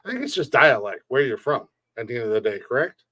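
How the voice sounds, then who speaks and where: A man's voice: medium pitch, sing-song, fast, pushed and bright, no room sound. Profane, joking man on a live stream. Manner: blunt, profane, joking rants; laughs often between remarks. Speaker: podcast host reading chat. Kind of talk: casual live-stream chat.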